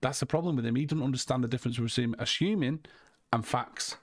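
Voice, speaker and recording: A man's voice: medium pitch, fast talker. A man hosting a call, talking in a heated, emphatic way, swearing and repeating himself. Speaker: host. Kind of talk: heated casual call chat.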